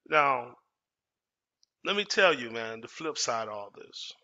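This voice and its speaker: Bright-voiced man telling a story. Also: mid-range voice, lively intonation, unhurried. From Dallas, Texas. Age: 40s. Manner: emphatic, repeats and restates phrases. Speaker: storytelling host. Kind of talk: casual personal storytelling. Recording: dull lo-fi audio.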